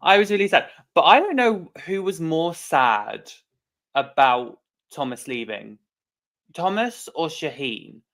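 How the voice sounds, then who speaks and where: A man co-hosting a casual podcast chat, halting and tripping over his words. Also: a little high, lively intonation, a bit bright. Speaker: podcast co-host.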